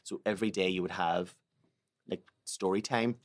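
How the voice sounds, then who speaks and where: A man's voice: deep voice, steady tone, moderate pace. Playful man podcasting. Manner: rambling, playful, breaks into silly voices. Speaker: podcast co-host. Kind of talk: casual comedic chat.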